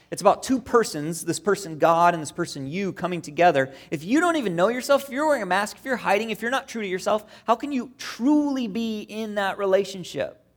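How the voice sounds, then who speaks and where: Conversational male pastor, higher voice. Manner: conversational, storytelling with acted-out quotes. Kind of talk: sermon.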